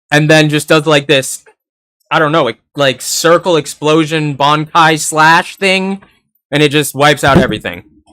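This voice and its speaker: A man's voice: on the high side, a bit bright, smooth, no room sound, studio quality. Rambling young man reviewing anime. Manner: rambling, laughs often, casual swearing. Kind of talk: casual episode review.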